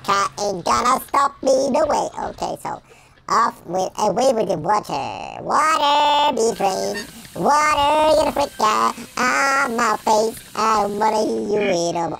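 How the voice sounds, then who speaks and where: A man voicing an excitable male cartoon chipmunk who plays a game and yells at it, with a sped-up high-pitched voice. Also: vocal fry, exaggerated voice. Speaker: gameplay commentator. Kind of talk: let's-play commentary in character. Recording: game music underneath.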